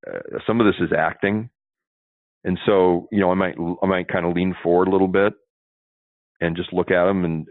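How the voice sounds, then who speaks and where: Speaking over a tinny phone line, a man with a low voice explains sales techniques as a guest in an interview, chatty and instructive, regularly asking "see?". There is no echo.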